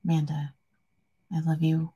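A woman talking to camera in a rambling, heartfelt vlog, soft-spoken and a little tearful. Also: low-pitched, completely flat delivery, a little slow, husky, highs cut off. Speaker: vlogger. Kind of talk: emotional personal vlog.

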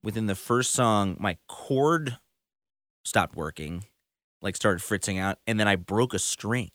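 A man's voice: lowish voice, measured pace, a bit bright, no echo. A man, a touring musician, telling stories in casual conversation, rambling and full of fillers. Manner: rambling storyteller, many fillers.

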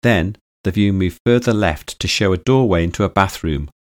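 Brief: male story narrator, deep low voice, dry close recording, steady even delivery. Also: normal speed, no room sound. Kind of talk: audiobook storytelling.

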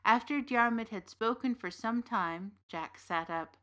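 A woman narrating a fantasy story in a measured, scripted way. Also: on the high side, bright, forceful tone.

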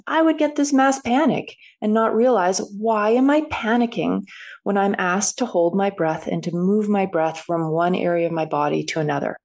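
A woman's voice: mid-range voice, darkish tone. A middle-aged woman, a healer and podcast guest, tells her personal story with animation and acts out the dialogue she quotes.

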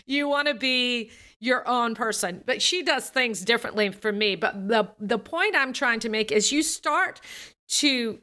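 A woman's voice: a little high, expressive, a little slow, bright, forceful tone. A woman who coaches singers and speakers, talking animatedly in an interview and laughing often. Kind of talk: casual interview talk.

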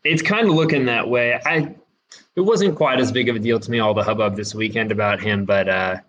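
A man co-hosting a casual sports betting podcast, giving his picks in a relaxed, confident way. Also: medium pitch, a little fast, dull audio, a little hiss or hum. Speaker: podcast co-host picking games.

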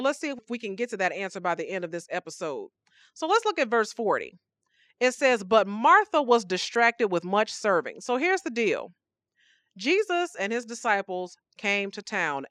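A woman hosting a faith podcast, teaching scripture in an animated, conversational way with playful asides. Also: mid-range voice, no echo, studio quality. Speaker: podcast host.

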